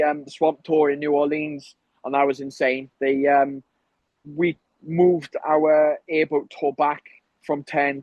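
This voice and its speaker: A man's voice: on the high side, no echo, lo-fi sound. A Welsh man from Wales, a professional fighter telling rambling stories full of ums in a casual interview. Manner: rambling anecdotes with frequent ums.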